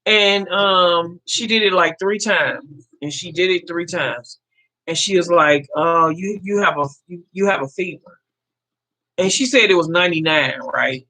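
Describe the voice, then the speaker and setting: A woman's voice: mid-range voice, lively intonation, normal speed, pushed and bright. A woman, casually telling a story to her viewers, acting out the dialogue and laughing often. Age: 50s. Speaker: vlogger.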